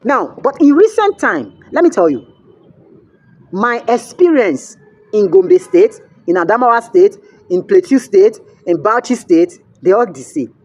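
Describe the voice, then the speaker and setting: Unhurried but very animated, a young Nigerian-accented vlogger tells viewers a story in a chatty style, mixing in pidgin and asking "you get?" often. His voice is high-pitched with a darkish tone.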